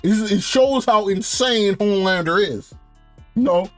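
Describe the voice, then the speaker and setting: This is a profane, laid-back review rant about a TV show from a young man whose voice is high and bright. He keeps a measured pace yet laughs frequently and grows more heated. Faint music sits beneath a dry, close recording with no room sound.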